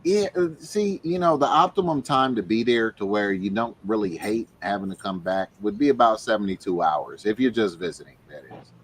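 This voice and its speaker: A man's voice: fairly low pitch, normal speed, husky. A man hosting a casual podcast chat, who laughs often and talks loosely and profanely. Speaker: podcast host.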